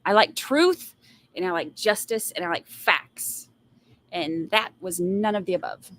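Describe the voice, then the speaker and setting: A woman's voice: lowish voice, measured pace, a bit bright. Sassy, blunt woman ranting about a trial. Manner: exasperated sighs and rants. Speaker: trial commentary livestream host. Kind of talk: casual live commentary, reading viewer comments.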